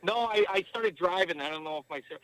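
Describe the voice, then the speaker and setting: A man's voice: high voice, quick pace, fairly bright tone, poor audio. A man as a podcast guest, telling rambling stories in casual chat, swearing a lot and leaning on filler words, calling in remotely while driving. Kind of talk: casual storytelling. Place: driving in a car.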